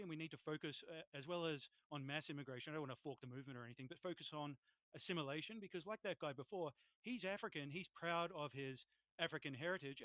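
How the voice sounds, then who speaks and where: A man's voice: fairly high pitch, pushed and bright, dry recording, poor audio. An Australian man talking casually in a group voice chat on a cheap microphone, rambling with lots of fillers. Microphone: cheap desktop microphone.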